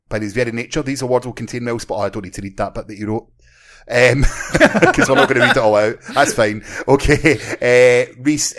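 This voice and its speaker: A man with a Scottish accent hosting a casual podcast, reading out awards in a wry, mock-formal way. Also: medium pitch. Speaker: podcast host.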